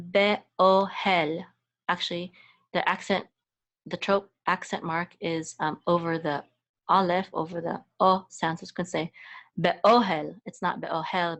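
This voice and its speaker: A woman's voice: on the low side, fairly bright tone. A woman teaching a Hebrew reading lesson, walking patiently through letters and vowel sounds one at a time, with frequent hesitations and restarts. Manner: spells out sounds and syllables one by one. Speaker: Hebrew and Torah chanting teacher. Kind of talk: slow step-by-step reading lesson.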